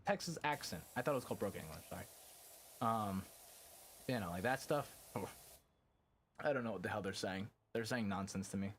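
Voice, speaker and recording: Young adult man, game streamer, casual rambling chat, lots of fillers, mid pitch, faint background noise.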